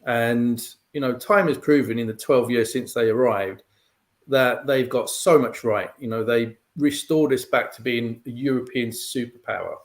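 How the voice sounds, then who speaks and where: A male pundit, mid-pitched and steady, walks through the background in a measured, explanatory way. His talk is loose and conversational, full of "um" and "you know". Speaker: guest pundit. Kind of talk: conversational analysis.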